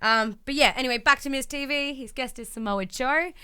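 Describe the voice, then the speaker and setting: A woman's voice: high-pitched, fairly quick, pushed and bright, clean tone. A woman co-hosting a podcast, recapping wrestling episodes in a chatty way full of ums and acted-out quotes. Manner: chatty, lots of ums, acts out quotes in voices. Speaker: podcast co-host. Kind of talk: casual wrestling recap chat.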